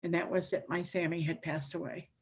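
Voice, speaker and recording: A woman's voice: fairly low pitch, little pitch movement, fairly quick, husky. An older woman giving a recovery talk to a meeting, telling her story in a plain, candid way with a dry wit. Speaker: AA speaker. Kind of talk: recovery share.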